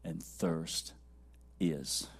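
A man preaching a sermon, swinging from loud high-pitched exclaiming to low quiet musing, repeating lines for emphasis and dropping to a near whisper. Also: fairly even intonation, very slow, creaky, slightly rough.

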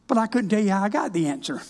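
A man's voice: sits high, darkish tone. An older man, a minister giving a folksy, plainspoken, wry personal testimony.

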